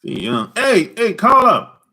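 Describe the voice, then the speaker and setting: A man's voice: high-pitched, wildly swooping pitch, takes it slowly, bright, forceful tone, breathy edge. A man hosting a casual livestream, teasing callers in loose slang and laughing often. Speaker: livestream host talking with callers. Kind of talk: casual chat.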